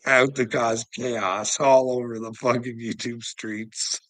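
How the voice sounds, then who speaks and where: A man's voice: medium pitch, steady tone, slow pace, fairly bright tone, no echo, low-quality recording. A Canadian man with a Canadian accent hosting a livestream, ranting casually at his chat in a crude way, swearing often and laughing between remarks. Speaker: livestream host. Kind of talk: casual rant answering chat.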